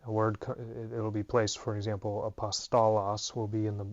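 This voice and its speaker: Tired, low-voiced man thinking aloud. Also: little pitch movement, normal speed, dry recording. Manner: casual, thinking aloud with many fillers. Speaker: Greek teacher. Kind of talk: unscripted lesson. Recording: dull lo-fi recording.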